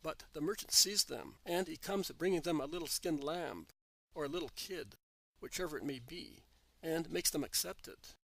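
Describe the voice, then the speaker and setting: A man giving a measured, scripted narration of a book. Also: a little high, lively intonation, gravelly, bright, forceful tone, dry recording, rough recording.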